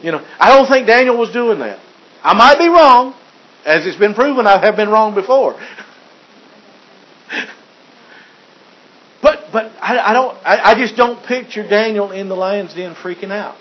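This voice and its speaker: A man's voice: high-pitched, expressive, unhurried, long pauses. A man preaching a sermon as pastor, joking and chuckling, with frequent restarts. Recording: dull lo-fi recording.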